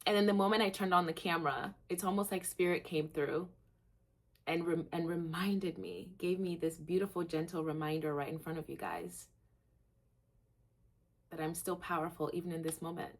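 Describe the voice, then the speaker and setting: Candid woman rambling to camera, lower voice. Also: normal speed. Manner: candid, rambling, heavy use of "like"; laughs at herself, swings between low and excited. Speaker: vlog host. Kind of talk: candid gratitude vlog, talking to camera.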